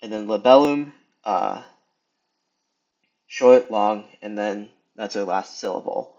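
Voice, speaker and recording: A young man giving a casual screen lesson, talking through it with many pauses, ums and restarts. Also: lowish voice, darkish tone. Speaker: video tutor. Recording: slightly dull lo-fi sound.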